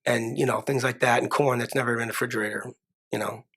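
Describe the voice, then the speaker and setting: A man with a gravelly, fry-edged voice talks in a relaxed studio interview. He is a chef and restaurant owner who answers with easy agreement and often restarts his sentences. His pitch sits in an ordinary middle range. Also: quick pace. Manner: affirming, repeats "yeah" and restarts often. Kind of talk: casual interview conversation. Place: podcast studio.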